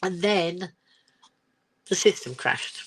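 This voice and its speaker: An older English woman hosts a casual phone live stream, rambling through her week with plenty of giggles and ums. Her voice sits a little low for a woman, and she reads viewer comments out as she goes. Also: expressive, slow, a bit bright, slight background noise. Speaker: livestream host. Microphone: phone camera.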